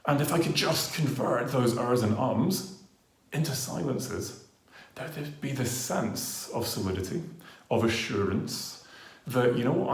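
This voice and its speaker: A man's voice: mid-range voice, very animated, moderate pace. A man presenting a training talk to camera on a lapel mic, earnest, with frequent ers and ums, varying his pace and volume to demonstrate. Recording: roomy echo.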